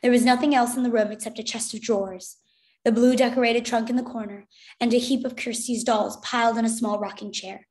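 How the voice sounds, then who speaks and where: A woman, a teacher, narrating a children's novel aloud in an expressive, clear way. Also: a little high, a little fast. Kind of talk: storybook read-aloud narration.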